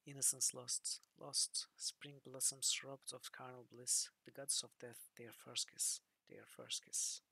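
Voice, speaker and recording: A man voicing a strange old woman seer in a video game, with a hoarse, gravelly voice chanting slowly. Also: mid-range voice, very animated, sharp tone, dry recording, exaggerated voice. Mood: eerie. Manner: slow, chanting.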